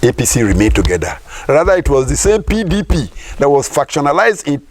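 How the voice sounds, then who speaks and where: A man's voice: fairly high pitch, very animated, brisk. A middle-aged Nigerian man giving political commentary in an interview, emphatic, firing rhetorical questions and repeating his points.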